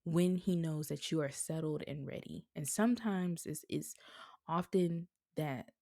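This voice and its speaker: Woman podcast host, low and gravelly, earnest faith-based monologue, emotional. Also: measured pace, dark tone, no echo, studio quality. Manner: earnest and encouraging, speaks of prayer with feeling. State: emotional, near tears.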